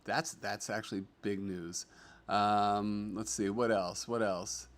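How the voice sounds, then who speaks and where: A man's voice: fairly low pitch, steady tone, takes it slowly. Middle-aged guy hosting a livestream, chatty and upbeat, lots of ums, reads out comments. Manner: upbeat, chatty, rambling with many fillers, reads comments aloud. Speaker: livestream host. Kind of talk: casual livestream chat reading viewer comments.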